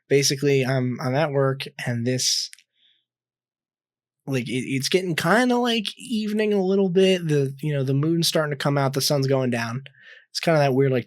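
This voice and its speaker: A man's voice: medium pitch, no echo. Rambling young man telling a story. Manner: rambling, swears a lot, many fillers and restarts. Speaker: podcast co-host. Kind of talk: casual storytelling chat.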